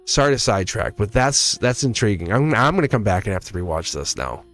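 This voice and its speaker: A man hosting a live tarot stream, talking in a rambling, animated way and laughing often. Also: fairly low pitch, brisk. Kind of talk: casual live-stream chat.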